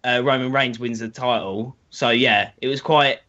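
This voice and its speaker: A man's voice: mid-range voice, fairly even intonation, normal speed, pushed and bright, highs cut off. A man joining an online chat show as a guest, casual and joking.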